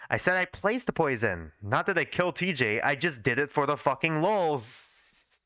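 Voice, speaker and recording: A man's voice: a little high, lively intonation, moderate pace, pushed and bright, no echo. A man voicing a bratty, smug rich girl while reading his own story aloud on a dull, lo-fi stream mic. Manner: smug, taunting.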